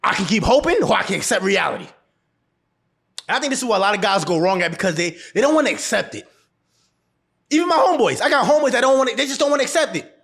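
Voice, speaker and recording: A man with a fairly high voice delivers a casual advice monologue straight to camera. He talks bluntly and with a lot of swing in his pitch. He laughs often and repeats phrases to drive each point home. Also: very animated, fast, gravelly, fairly bright tone. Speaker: relationship advice vlogger.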